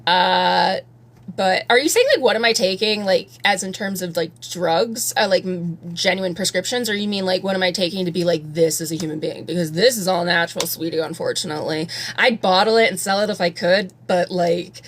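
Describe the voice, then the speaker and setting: A woman's voice: on the low side, brisk. Rambling, candid woman chatting on a live stream. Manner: rambling, candid, swears freely. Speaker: livestreamer. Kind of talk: casual live stream chat. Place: at home, doing her makeup.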